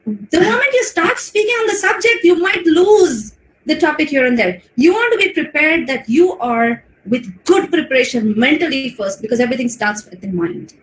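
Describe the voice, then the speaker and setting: A high-voiced Indian woman with an Indian English accent teaches public speaking in a webinar, picked up by a video call mic in a roomy, echoey space. Animated and expressive at a moderate pace, she swings her pitch up and down to show how a voice can carry feeling.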